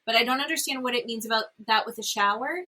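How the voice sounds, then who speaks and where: A woman co-hosts a chatty podcast with a bright, forceful tone pitched a little high. She retells scenes in an animated way and slips into quoted voices. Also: fast, rough recording. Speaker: podcast co-host. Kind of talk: casual chat recapping a reality show.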